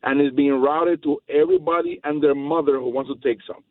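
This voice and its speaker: A man's voice: mid-range voice, steady tone, fairly quick, no echo. A man calling in to a talk radio show, making his points in an emphatic, rambling way. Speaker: caller. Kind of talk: casual phone-in chat. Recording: tinny phone line.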